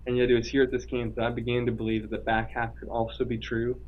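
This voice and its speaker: A man's voice: medium pitch, completely flat delivery, fast, muffled recording. A man in his late twenties, a podcast guest, telling a personal testimony in an earnest, emphatic way. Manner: earnest, emphatic, vivid retelling.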